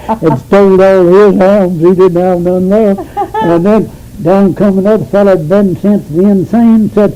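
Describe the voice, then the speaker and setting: A man's voice: high voice, slow pace, pauses often, dark tone, lo-fi sound, a little hiss or hum. Older man telling old tales. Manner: rambling, folksy, laughs as he tells it. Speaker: interviewee. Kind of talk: storytelling.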